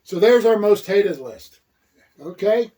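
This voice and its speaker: Husky-voiced wisecracking male co-host. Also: sits high, lively intonation, slow, mellow, distant mic. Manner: wisecracking, teasing, playful puns. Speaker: wrestling show co-host. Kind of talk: casual joking chat.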